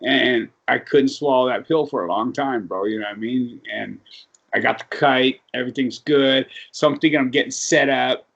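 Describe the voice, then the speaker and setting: A man's voice: medium pitch, moderate pace, gravelly, fairly bright tone, slightly rough. A man hosting a podcast in casual, rambling chat, swearing often and asking "you know what I mean" again and again. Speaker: podcast host. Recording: dull lo-fi recording.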